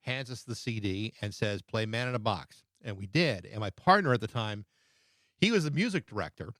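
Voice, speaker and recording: A man's voice: on the low side, animated, moderate pace, a bit bright, no room sound, clean studio sound. A middle-aged man, a podcast host and former radio DJ, reminiscing with enthusiasm in conversation. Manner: reflective, enthusiastic reminiscing, restarts. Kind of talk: conversational interview.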